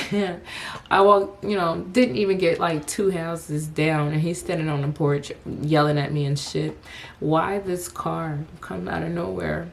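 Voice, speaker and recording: A woman's voice: low-pitched, steady tone, unhurried, creaky, a little hiss or hum. A young woman telling a personal story to the camera, casual and profane, breaking into laughter often.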